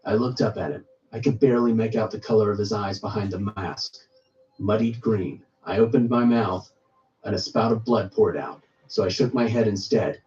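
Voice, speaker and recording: A man reading a first-person horror story aloud in steady storytelling narration. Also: on the low side, normal speed, recorded from a distance, muffled recording, soft background music.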